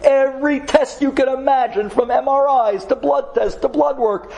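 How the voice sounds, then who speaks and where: A man, a rabbi, telling a dramatic story in an animated, conversational and emphatic way. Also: extremely high pitch, normal speed, gravelly.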